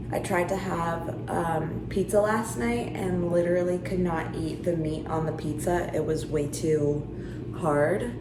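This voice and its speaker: A woman's voice: on the low side, steady tone, a little slow. A woman chatting casually in a daily vlog, talking to viewers with plenty of "like" fillers. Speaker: vlogger. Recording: noticeable background noise.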